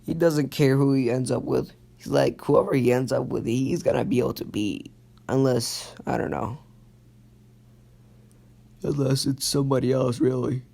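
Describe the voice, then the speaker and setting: A man's voice: medium pitch, steady tone, normal speed, creaky, warm tone. A young man casually improvising a fan story, rambling with lots of fillers and self-corrections.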